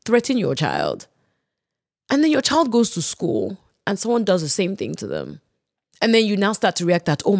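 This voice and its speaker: A podcast host, lively and quick to laugh, who sums up the guest's points. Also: mid-range voice, no room sound, studio quality. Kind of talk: casual podcast discussion.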